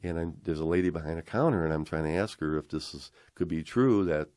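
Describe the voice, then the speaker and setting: Very deep-voiced older man telling a story. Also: a little mellow, no echo, clean studio sound. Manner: acts out quoted voices, halting restarts. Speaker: interview guest telling his story. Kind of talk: emotional personal storytelling.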